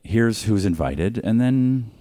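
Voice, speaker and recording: Cranky, very deep-voiced podcast co-host. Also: male voice, expressive, slow, mellow, no echo, clean studio sound. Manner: cranky, ranting complaints. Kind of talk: casual podcast chat.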